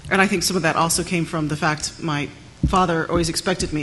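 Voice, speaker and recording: A woman systems administrator answering on a conference panel in a wry, unhurried way. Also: low voice, fairly even intonation, a bit bright, slight background noise.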